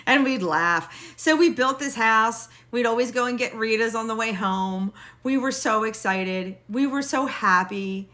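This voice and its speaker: A middle-aged woman casually telling a personal story in a blunt, lively way, swearing now and then. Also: fairly high pitch, measured pace, hardly any pauses.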